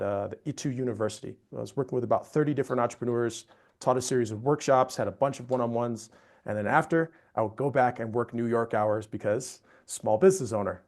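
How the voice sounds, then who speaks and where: Animated male storyteller on a podcast. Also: medium pitch. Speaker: storytelling expert guest.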